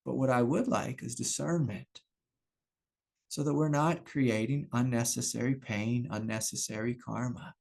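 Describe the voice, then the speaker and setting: A man's voice: on the high side, vocal fry, darkish tone. Brief: middle-aged man, spiritual teacher on a video call, candid and self-reflective, laughs easily. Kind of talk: satsang talk.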